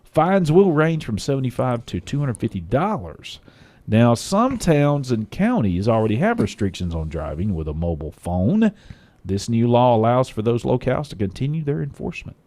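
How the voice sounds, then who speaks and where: A man's voice: medium pitch, sing-song, moderate pace, a little mellow, dry recording. A man co-hosting a radio tech show, reading news in a folksy way and cracking jokes. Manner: folksy and joking. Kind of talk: casual radio news chat.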